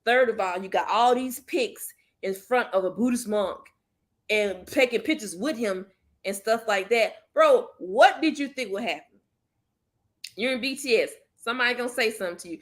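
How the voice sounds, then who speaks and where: A woman's voice: mid-range voice, normal speed, a bit bright. A woman hosting a casual commentary chat, joking and laughing often. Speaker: host.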